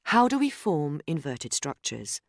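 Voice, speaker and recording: A narrator reading a scripted grammar lesson in a measured, explanatory way, speaking example sentences aloud. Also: mid-range voice, very animated, no room sound, clean studio sound. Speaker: course narrator.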